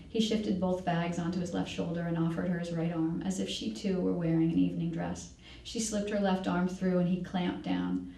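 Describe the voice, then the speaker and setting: A woman reading from a novel at a library event, her voice low with a gravelly fry. She reads in a measured way and corrects herself now and then. She sounds distant in an echoey room. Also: dark tone. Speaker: author reading.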